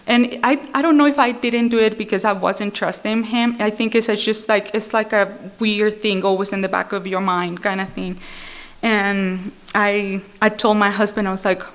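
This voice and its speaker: Woman, recovery meeting speaker, personal share, candid, self-mocking, fillers and restarts, mid-pitched. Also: steady tone, normal speed. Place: meeting room.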